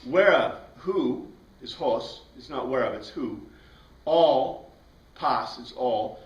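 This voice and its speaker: A man's voice: medium pitch, lively intonation, slow, highs cut off. A man teaching a Bible class, explaining step by step and putting questions to his students. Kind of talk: classroom lecture. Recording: roomy sound from a distant mic.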